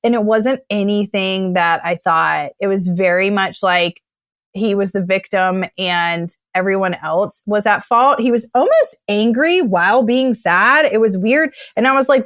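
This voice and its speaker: A young woman telling her own story in casual chat, animated, often acting out what she said back then. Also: mid-range voice, measured pace, dry recording, clean studio sound. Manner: animated, acts out her own past words.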